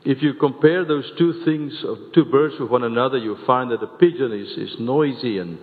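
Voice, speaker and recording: A man's voice: medium pitch, moderate pace. A man from South Africa preaching a sermon, earnest and repeating words as he builds each point. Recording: tinny phone-like sound, long hall reverb.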